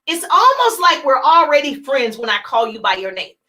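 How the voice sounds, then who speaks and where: A woman business coach giving an energetic, emphatic live-streamed talk, repeating her key points and acting out sample phone calls. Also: high-pitched, moderate pace, poor audio.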